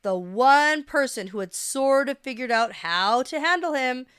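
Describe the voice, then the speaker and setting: Woman co-host, casual book chat, higher voice, smooth tone. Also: lively intonation, a bit bright. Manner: chatty, quick interjections, laughs often. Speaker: podcast co-host.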